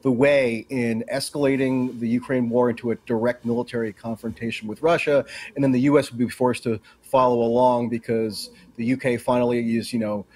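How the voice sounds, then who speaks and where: A man appears as a guest journalist in a political interview. His voice is husky and of middle pitch, and he explains at length in an analytical tone, with plenty of "you know" and "uh". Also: level tone, brisk, few pauses, darkish tone.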